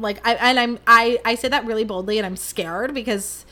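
Hosting her podcast, a young woman talks fast and barely pauses, her medium-pitched voice carrying a sharp edge. Her casual chat rambles, turning dramatic and poking fun at herself.

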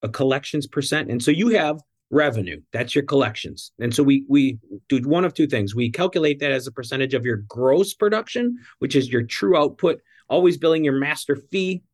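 A male guest, a coaching company executive, explaining financial terms in a methodical way. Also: medium pitch. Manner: measured, methodical, some fillers. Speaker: dental practice coaching CEO, guest. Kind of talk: explanatory interview answer.

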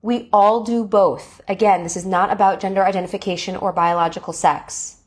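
A woman hosts a coaching podcast in a mid-pitched voice. She talks expressively and slips into lively acted-out examples. Her delivery is warm with enthusiasm but stays conversational. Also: brisk. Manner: expressive, acts out enthusiastic quotes. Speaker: podcast host. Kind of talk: coaching monologue.

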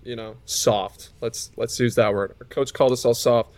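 A man's voice: mid-range voice, steady tone, normal speed, a little mellow, no echo. A man co-hosting a sports podcast, telling a rambling anecdote with hesitant restarts. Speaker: podcast co-host, former college player. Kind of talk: casual storytelling chat.

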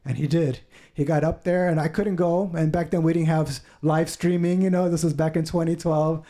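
A man's voice: fairly high pitch, fairly even intonation, fairly quick, warm tone. A man telling his personal story as a podcast guest, earnest and heartfelt, acting out what others said to him. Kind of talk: personal testimony.

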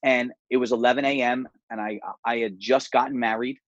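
Interview guest, man in his 40s: earnest, quick, word-repeating, dry lo-fi call sound. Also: medium pitch, steady tone, no room sound. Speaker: guest, martial arts gym owner. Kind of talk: candid interview storytelling.

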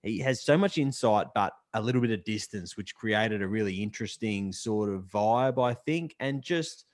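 Talkative, enthusiastic male guest, lowish voice, dry mic. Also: expressive, moderate pace, no room sound. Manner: enthusiastic, talkative, long flowing turns. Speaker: podcast guest. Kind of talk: casual motorsport chat.

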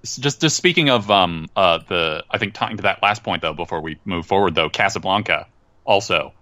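A man's voice: low-pitched, animated, normal speed, bright, forceful tone, no room sound. A man co-hosting a casual film talk show, speaking hesitantly with fillers as he builds his point. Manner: hesitant, many fillers while forming thoughts. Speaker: podcast co-host.

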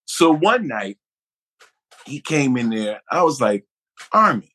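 Male guest actor, middle-aged, from Buffalo; lively anecdotal storyteller who slips into impressions. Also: medium pitch, takes it slowly, breathy edge. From Buffalo, New York. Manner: animated, acts out others' voices in anecdotes. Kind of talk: conversational storytelling.

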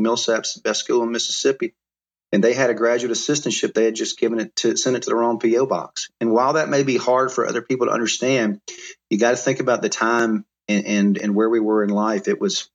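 A middle-aged man from Alabama, telling life stories as an interview guest in an animated way with frequent restarts. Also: fairly low pitch, slightly rough. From Mobile, Alabama. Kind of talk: storytelling interview.

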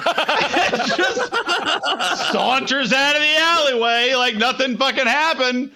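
A man chatting on a casual podcast. His voice is high and bright, and he ranges widely in pitch as he acts out his own crude stories. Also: slow pace. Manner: animated, profane storyteller who acts out his own lines. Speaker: podcast co-host.

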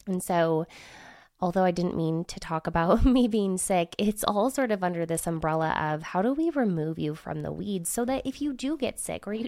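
A woman's voice: mid-range voice, darkish tone, dry recording, studio quality. A woman hosting a solo podcast while sick with a cold, talking in a chatty, candid way with her voice nasal and scratchy. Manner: chatty, candid, with filler words. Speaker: podcast host and business consultant.

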